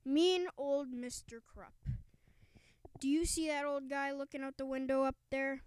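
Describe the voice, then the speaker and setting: A woman's voice: sits high, fairly even intonation, unhurried, a little mellow, low-quality recording. A woman reading a children's book aloud in an emphatic storytelling lilt, now and then stumbling and restarting words. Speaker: audiobook reader.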